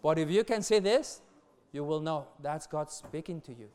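A middle-aged man preaching earnestly to young people, laughing softly between points and repeating words as he goes. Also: a little high, moderate pace, smooth. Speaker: youth pastor.

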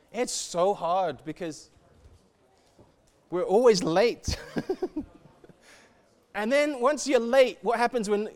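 A man giving an animated sermon, swinging from soft to shouting and acting out quoted voices. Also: high voice. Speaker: church speaker.

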